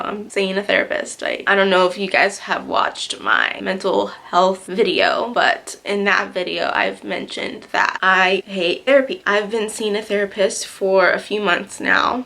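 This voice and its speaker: A young woman speaks straight to her camera about her year in a candid, reflective way. Her mid-pitched voice has a gravelly fry running through it, and she pauses often with soft fillers. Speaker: vlogger. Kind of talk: reflective personal talk to camera.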